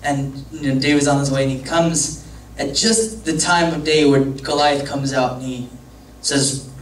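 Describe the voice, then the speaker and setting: A young man, a youth pastor, tells his youth group a loose, joking, wandering story. His slightly high voice keeps a measured pace with few pauses, captured from far away in an echoey room with a faint hum.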